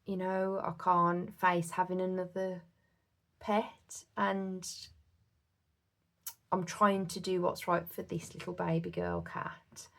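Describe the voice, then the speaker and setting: A woman's voice: fairly low pitch, flat delivery, slow pace, vocal fry. A woman from the UK chatting casually to her viewers about her budget at home, heartfelt and full of fillers. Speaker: budgeting vlogger. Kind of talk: casual chat to camera.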